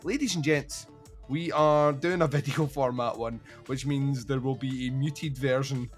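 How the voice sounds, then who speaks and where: A man's voice: mid-range voice, measured pace, soft background music. A man hosting a film podcast, chatting casually, swearing and acting out film scenes. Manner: swearing, animated, acts out scenes. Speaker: podcast host.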